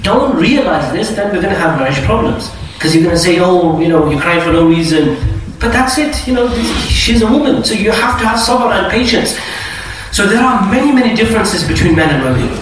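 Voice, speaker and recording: Male lecturer, high voice, lively delivery, distant mic in a very echoey hall. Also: slight background noise. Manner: lively, animated explaining with acted-out quotes. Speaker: Islamic lecturer. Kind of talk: lecture to an audience.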